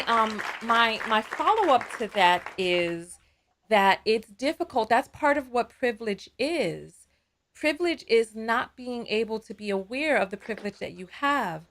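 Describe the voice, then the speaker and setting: A woman's voice: a little high, a bit bright. A woman hosting a live call-in show, talking in a conversational, digressive way and taking calls.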